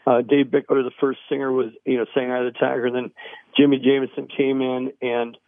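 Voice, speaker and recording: A man's voice: medium pitch, level tone, a little fast, dry recording. A man in his sixties, a guest musician, telling rambling anecdotes with many fillers and restarts over the phone. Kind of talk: casual phone interview storytelling. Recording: tinny phone line.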